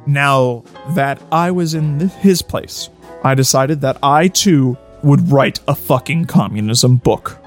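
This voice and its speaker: A man's voice: medium pitch, slow, soft background music. A man co-hosting a comedy podcast, reading fanfiction aloud in an over-the-top, profane way.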